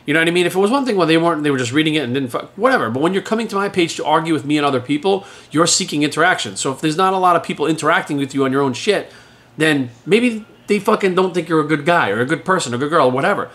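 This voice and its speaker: A man's voice: on the high side, lively intonation, rapid-fire, fairly bright tone. A man in his forties, a fitness trainer, ranting bluntly and profanely in an unscripted talk to camera. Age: 40s.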